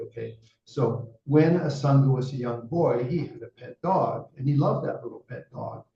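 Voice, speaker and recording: Gravelly man telling a dharma story. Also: medium pitch, warm tone. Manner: chatty, frequent "you know" asides. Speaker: Buddhist teacher. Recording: roomy, distant, dull sound.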